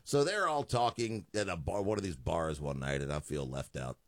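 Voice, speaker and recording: Man, talk radio host, lively swinging pitch, lowish voice, dry studio sound. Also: normal speed, dry recording. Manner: animated, joking storyteller.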